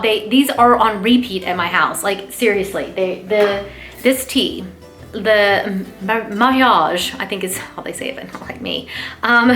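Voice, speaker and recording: A woman hosting a lifestyle gift-guide vlog, gushing with enthusiasm and chatting warmly to her viewers. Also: mid-range voice. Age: adult parent. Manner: gushing and enthusiastic, lots of "oh my gosh"; warm, talks straight to viewers as "you guys". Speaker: lifestyle channel host.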